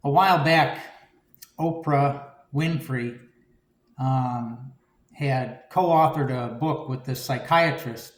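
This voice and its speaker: A man giving a conversational homily, relaxed and reflective, with frequent "you know" and "um". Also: mid-range voice, echoey room. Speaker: preacher.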